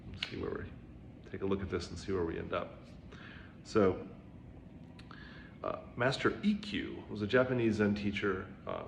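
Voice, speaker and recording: A man's voice: low voice, creaky. A man giving an informal Zen dharma talk, chatty, with frequent "right?" asides, who raises his voice to act out quoted dialogue. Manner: conversational, many "right?" and "you know" asides. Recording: roomy echo with faint background noise.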